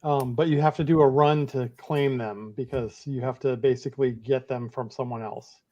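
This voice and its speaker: A man as game master explaining rules in a relaxed, hesitant way with many fillers. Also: medium pitch, normal speed, dull audio.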